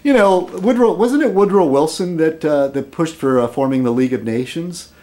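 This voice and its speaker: A middle-aged man vlogging in casual rambling commentary, chuckling at his own jokes and filling pauses with um and uh. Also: a little high, warm tone.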